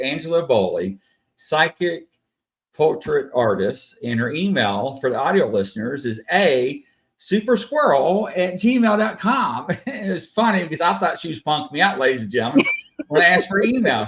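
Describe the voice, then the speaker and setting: A man's voice: mid-range voice, expressive, moderate pace, a bit bright. A man hosting a casual live stream, chatty and full of "uh" fillers, greeting viewers by name. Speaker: host.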